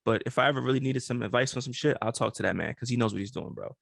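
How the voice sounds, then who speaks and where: A man co-hosting a podcast in a relaxed, slangy way, cheering on his partner. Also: mid-range voice, racing, creaky, no room sound, clean studio sound. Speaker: podcast co-host. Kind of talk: casual chat.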